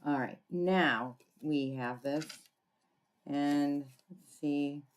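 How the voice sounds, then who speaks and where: A low-voiced woman demonstrates papercraft at her desk, chatting casually and thinking aloud as she works, often stopping to clear her throat. Her tools click faintly in the background, and a slight hiss or hum runs underneath.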